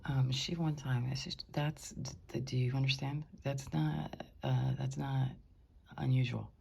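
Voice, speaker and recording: A woman speaking in a hushed, indignant way, often whispering, as she records from her bedroom on a top floor. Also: very deep voice, steady tone, unhurried, vocal fry, a little hiss or hum. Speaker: concerned housemate.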